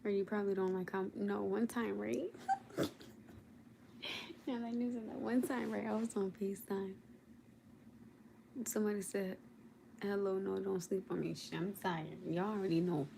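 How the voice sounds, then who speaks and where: A woman's voice: medium pitch, moderate pace, gravelly, pauses often, noisy background. A young woman chatting casually with viewers on a late-night livestream from her bed, sleepy and teasing, laughing often. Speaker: livestream host. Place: at home in bed.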